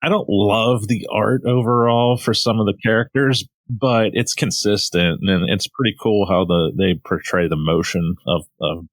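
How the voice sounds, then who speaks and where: A man co-hosting a podcast, relaxed and chiming in with short agreements during a casual chat about comics. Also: fairly low pitch, normal speed, few pauses, no echo. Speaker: podcast co-host. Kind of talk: casual comic book discussion.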